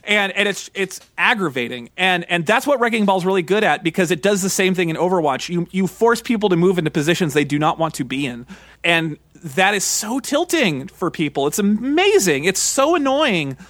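A man in his thirties co-hosting a podcast, chatting excitedly and rambling with lots of fillers. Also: high voice, a little fast, dry recording. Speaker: podcast co-host. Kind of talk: casual chat.

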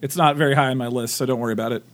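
A man's voice: mid-range voice, fairly even intonation, very fast. A man hosting a casual podcast chat, eagerly recommending shows to his co-hosts. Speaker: podcast host and game master.

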